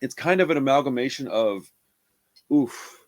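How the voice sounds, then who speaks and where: A man's voice: medium pitch, lively intonation, moderate pace, darkish tone. A man giving a casual, rambling horror movie review, laid-back and full of "man" and "dude".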